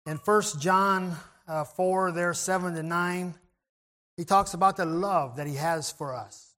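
Man, high voice, gentle sermon delivery, reflective, frequent throat clearing. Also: a little slow. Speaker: preacher.

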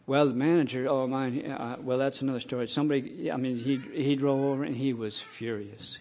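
A middle-aged man preaching a sermon, telling a personal story in a plain way and breaking into loud, impassioned scripture quotes. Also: medium pitch, steady tone, brisk, hardly any pauses. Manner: rises to loud impassioned preaching, then drops to quiet storytelling.

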